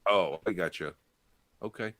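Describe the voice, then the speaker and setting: Middle-aged guy hosting a loose chat, real low voice, rambles, dry sound. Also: unhurried, fairly bright tone, no echo. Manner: rambling, laughs often, restarts. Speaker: podcast host. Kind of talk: casual bar-style chat.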